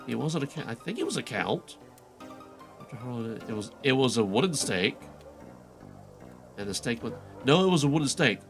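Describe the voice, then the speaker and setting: A man voicing an exasperated adventurer who keeps correcting another character with deadpan remarks in a game quest fan voice-over. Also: medium pitch, moderate pace, long pauses, soft background music, voice pushed down. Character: exasperated young adventurer, nitpicking and sarcastic.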